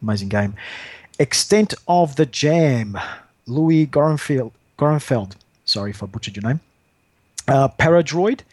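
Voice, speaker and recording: A man's voice: medium pitch, lively intonation, a little slow, pauses often, a little mellow, breathy edge, dry recording. A man hosting a podcast, chatting casually and reading out listener lists in a jokey, self-deprecating way. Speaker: podcast host.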